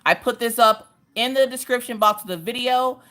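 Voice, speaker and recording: A woman's voice: a little high, moderate pace, pushed and bright. A woman, chatting casually with her livestream audience from her couch at home while she crafts, laughing often and greeting viewers by name. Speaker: livestream host.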